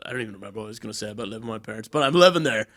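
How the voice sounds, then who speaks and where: A man's voice: fairly low pitch, expressive, rapid-fire, fairly bright tone. A young man, telling stories on a podcast with lots of swearing and acted-out quotes. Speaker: podcast co-host. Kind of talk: casual chat.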